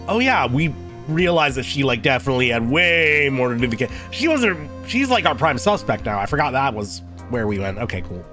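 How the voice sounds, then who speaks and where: A man's voice: medium pitch, sing-song, normal speed, music in the background. A man streaming a game and chatting casually, rambling and joking with lots of restarts and some swearing. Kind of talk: casual live-stream chat while playing and voicing a game.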